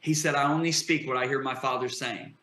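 A man's voice: medium pitch, steady tone, fairly quick, sharp tone. Fervent preacher man in an echoey room. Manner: emphatic, builds to impassioned declarations. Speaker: guest preacher.

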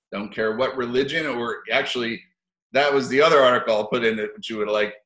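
Guy ranting sarcastic and sweary into his camera, mid-pitched voice, room sounds echoey. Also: brisk, fairly bright tone. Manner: profane, sardonic, chuckling asides. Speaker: video commentator. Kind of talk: rambling opinion commentary.

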